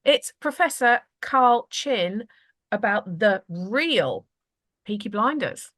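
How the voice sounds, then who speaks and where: A woman's voice: mid-range voice, lively intonation, takes it slowly, fairly bright tone. A woman with an Essex accent hosting a podcast interview, chatty and rambling with frequent laughs. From Essex, England. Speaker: podcast host.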